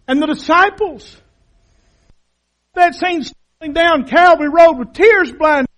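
A man preaching a sermon as pastor, dramatic and impassioned, dropping to a hush and then rising to shouts. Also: very high voice, normal speed. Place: church sanctuary.

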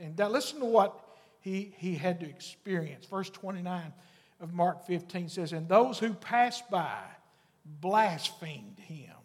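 High-voiced man preaching in a hall. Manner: preaching with sudden loud mocking voices and soft low asides. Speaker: pastor. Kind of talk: sermon.

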